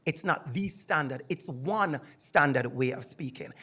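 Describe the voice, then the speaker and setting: A man's voice: a little high, unhurried, sharp tone, husky. A middle-aged man with a Jamaican accent, a university lecturer speaking emphatically and animatedly as he shares a personal story on a panel. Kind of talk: personal testimony at a panel discussion.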